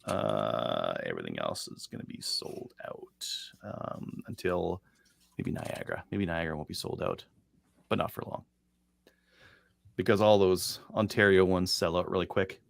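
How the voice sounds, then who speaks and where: A man with a low, gravelly voice hosts a casual talk show. His pitch swings up and down as he runs through news items with plenty of ums and uhs. The sound is close and dry. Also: animated, a little slow, no echo. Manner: loose, filler-heavy reading of news items. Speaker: podcast host. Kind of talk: casual chat. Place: studio.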